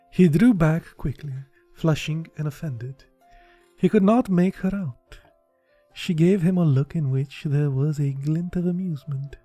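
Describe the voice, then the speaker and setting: A man's voice: fairly high pitch, measured pace, warm tone, no room sound, faint music behind. A man reading a classic novel aloud in a casual way, putting feeling into the dialogue and sometimes breaking off to joke. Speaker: audiobook reader.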